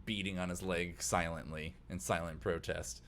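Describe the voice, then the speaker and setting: Male game master, low voice, casual narration, lots of fillers. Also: steady tone, moderate pace, a bit bright, a little hiss or hum.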